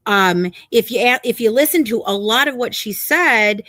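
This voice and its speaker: A woman's voice: fairly high pitch, animated, normal speed, a bit bright, no echo. A woman hosting a podcast and giving pointed true-crime commentary in an emphatic, skeptical way. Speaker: podcast host.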